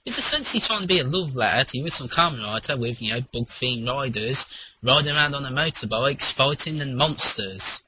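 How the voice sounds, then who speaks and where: A man talking in a rambling, animated casual chat, swearing freely, on a muffled lo-fi recording. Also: medium pitch, a little fast, slight background noise.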